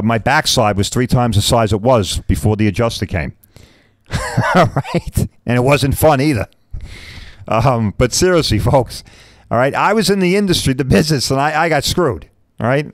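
A man's voice: medium pitch, no echo. A man in his fifties, a podcast host, talking casually and bluntly, rambling and mild swearing, often asking "right?". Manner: chatty, keeps asking "right?".

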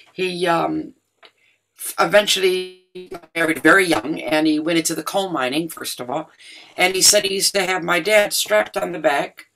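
Older woman, rock musician guest, raspy-edged and bright, warm storyteller with frequent laughs. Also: on the low side. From Detroit, USA. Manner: chatty storyteller, laughs often. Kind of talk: casual interview chat.

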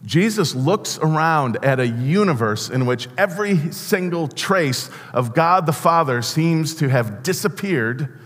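A man preaching a sermon as pastor, earnest and halting, often restarting his words. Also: fairly high pitch, a bit bright. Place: church sanctuary. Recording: long church reverb.

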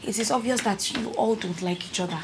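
A woman's voice: medium pitch, a little fast, noisy background, lightly acted. A woman playing a flustered new counsellor. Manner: pleading, nervous. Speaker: doctor, counsellor.

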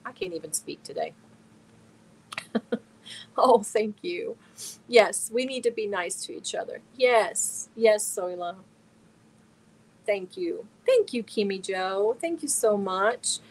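Her medium-pitched voice is expressive and slow, with long pauses, as this middle-aged German woman hosts a casual live stream. One by one she reads messages from chat aloud and answers them warmly.

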